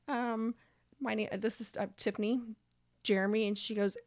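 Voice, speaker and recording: A woman, co-hosting a podcast and telling a story in a casual, animated way, swearing and speeding up when excited. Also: fairly high pitch, normal speed, dry recording, studio quality. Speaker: podcast co-host.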